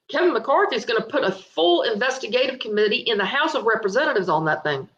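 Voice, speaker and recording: A woman hosting a political commentary livestream, talking excitedly and emphatically straight to her viewers. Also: on the high side. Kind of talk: Facebook live political commentary. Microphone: webcam or phone on livestream. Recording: echoey room, slightly muffled livestream audio.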